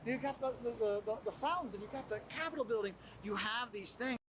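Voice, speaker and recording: A man presenting travel tips in casual advice to the camera, animated and acting out what other people say. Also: extremely high pitch, quick pace, noisy background. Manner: animated, acts out quoted people.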